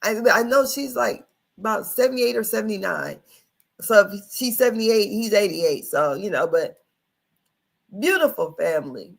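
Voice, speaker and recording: A middle-aged woman chats through a casual livestream in a folksy, familiar way and keeps calling her viewers honey. Her mid-pitched voice carries a slightly gravelly, creaky texture. She sounds like she is talking into a home streaming setup. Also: normal speed. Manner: chatty, folksy, calls the audience honey. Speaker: livestream host.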